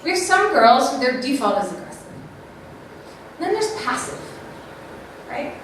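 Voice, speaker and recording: A woman giving a live talk to an audience, animated, acting out little quoted voices and often checking in with the crowd. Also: sits high, normal speed. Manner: animated, acts out quoted voices, keeps asking "right?". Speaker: speaker at an event. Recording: very echoey room, mic far off, faint noise.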